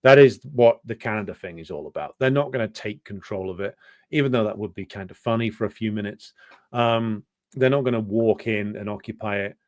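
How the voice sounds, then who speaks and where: A man with a fairly low voice delivers an off-the-cuff political commentary monologue. He is sardonic and scornful and drops in profanity. His speech is full of fillers and restarts, and it is recorded dry with no room echo. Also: a little fast, a little mellow. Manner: loose, unscripted delivery with many fillers.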